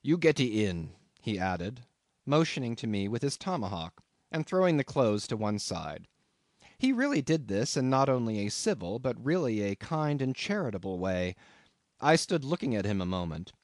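A man reading a classic novel aloud as an audiobook narrator, in an expressive, dramatic way. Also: mid-range voice, moderate pace, dry recording, clean studio sound.

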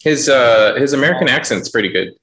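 A man on a video call giving earnest, critical comments in a halting casual chat. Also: mid-range voice, lively intonation, very noisy. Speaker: panelist.

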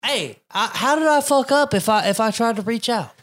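A man's voice: extremely high pitch, expressive, normal speed, fairly bright tone. A man co-hosting a podcast, chatting casually with profane storytelling and frequent laughter. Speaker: podcast co-host.

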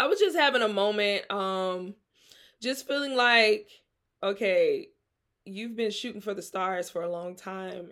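A woman's voice: medium pitch, gravelly, fairly bright tone. A young woman from Mississippi with a Southern accent, hosting her podcast in a loose, chatty way and laughing often. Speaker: podcast host. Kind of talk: casual chat.

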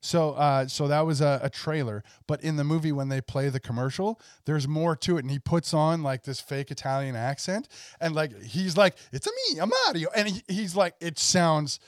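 A man's voice: on the high side, normal speed, few pauses, dry recording, studio quality. Enthusiastic man, casual podcast chat. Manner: enthusiastic, rambling, laughs often. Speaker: podcast host.

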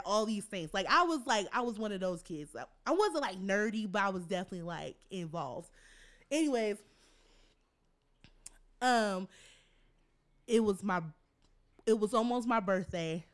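A woman's voice: mid-range voice, fairly bright tone. A young adult woman co-hosting a podcast, telling a story in casual chat, laughing often and acting out the quotes. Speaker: podcast co-host.

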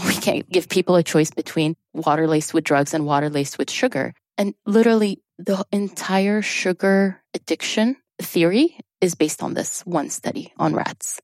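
A woman's voice: on the low side, normal speed, few pauses, darkish tone, no echo, studio quality. A woman, a drama therapist, talking as a guest in a casual interview, explaining earnestly and laughing easily.

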